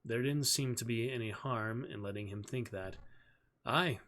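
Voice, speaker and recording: A man reads a novel aloud on his stream at a calm, measured pace. His voice sits at an ordinary middle pitch, and each sentence comes out steady and even as the story unfolds.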